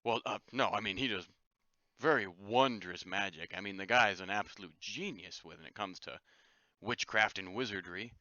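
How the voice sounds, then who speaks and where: A jittery young wizard's apprentice, put on by a man, stumbling over his words with a low, bright, forceful voice. The sound is dull and lo-fi, close and dry. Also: normal speed, dry recording. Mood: nervous. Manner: hesitant, stammering. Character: nervous young male wizard's apprentice, fidgety.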